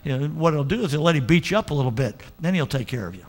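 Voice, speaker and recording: An older man preaching a sermon as pastor, moving between hushed, slow passages and emphatic, rising exhortation. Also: fairly high pitch, animated.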